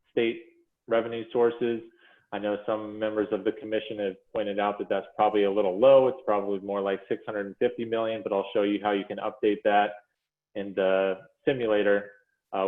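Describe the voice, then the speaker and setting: A man presenting figures to a commission in a measured, explanatory way, with frequent fillers and self-corrections, speaking over a video call. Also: on the low side. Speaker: presenter to a school funding commission. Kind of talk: policy presentation walking through slides. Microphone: video call audio. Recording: phone-like echoey video call audio.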